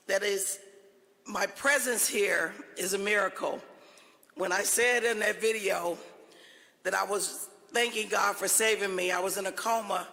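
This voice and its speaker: A woman's voice: medium pitch, gravelly, pushed and bright. A woman giving a fervent, folksy acceptance speech in a large event hall. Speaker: award honoree.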